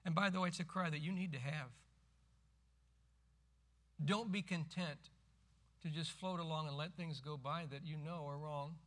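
A middle-aged man preaching a sermon as pastor, emphatic and rising to forceful cries when quoting scripture. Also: on the high side, fairly even intonation, moderate pace, long pauses.

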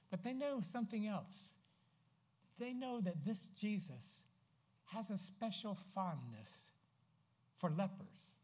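Emphatic man preaching. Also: a little high. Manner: emphatic preaching, swings from loud to hushed. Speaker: pastor. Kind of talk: sermon.

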